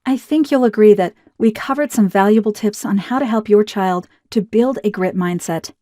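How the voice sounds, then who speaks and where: A woman reading a scripted promotional narration in a smooth, even, persuasive way. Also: medium pitch, moderate pace, dry recording, clean studio sound.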